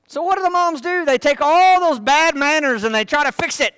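A man's voice: very high voice, fairly quick, few pauses, fairly bright tone, no echo. A man preaching a sermon in church, folksy and full of joking asides. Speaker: pastor.

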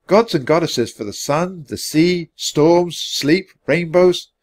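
A man's voice: fairly high pitch, takes it slowly, voice pushed up. A man reading a storybook aloud, voicing a curious, bookish young boy who explains things matter-of-factly. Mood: explaining.

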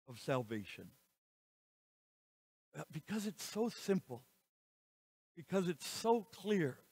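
A man preaching a sermon as pastor, slow and emphatic, with dramatic rises and falls in his voice. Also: high-pitched, a little mellow. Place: church sanctuary. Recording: reverberant church hall.

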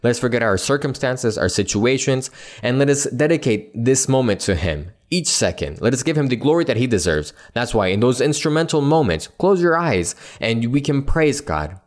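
A man's voice: mid-range voice, animated, moderate pace. Earnest man leading church worship. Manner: earnest, devotional, addresses the congregation directly. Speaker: worship leader. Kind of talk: leading prayer and congregational singing. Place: church service.

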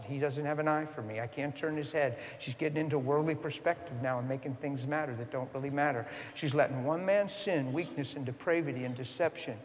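A man preaching a storytelling sermon, swinging from hushed asides to loud, impassioned peaks. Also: medium pitch, a little hiss or hum. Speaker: guest preacher. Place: church sanctuary. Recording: long church hall reverb.

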